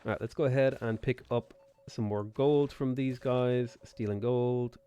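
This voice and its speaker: A man with a sore throat, chatting in a relaxed way as he streams a strategy game, reads chat aloud and mutters his moves. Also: medium pitch, measured pace, smooth. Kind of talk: live gameplay commentary, reading chat.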